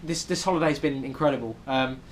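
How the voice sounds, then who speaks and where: Chatting from a New York City hotel room, this young British man rambles through his travel vlog with lots of ums. His mid-range voice moves fairly quickly, accompanied by a slight hiss or hum.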